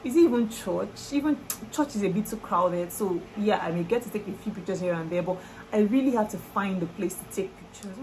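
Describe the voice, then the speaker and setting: A young Nigerian woman with a Nigerian accent chatting to camera in a lively, exclamatory vlog style. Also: mid-range voice, a little fast, slight background noise, rough recording. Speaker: vlogger. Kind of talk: casual chat to camera.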